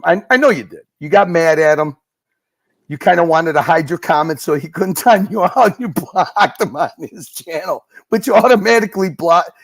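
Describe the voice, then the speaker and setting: Man, raised pitch, gravelly, lively swings, dry close sound, profane teasing banter. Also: no echo. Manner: teasing and profane, laughs often. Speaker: guest co-host on a live stream. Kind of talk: casual live-stream banter.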